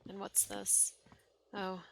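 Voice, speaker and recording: A woman's voice: medium pitch, monotone, takes it slowly, gravelly. A young woman streaming a game, chatting wryly and reading its dialogue aloud. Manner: chatty, wry, reads game text aloud.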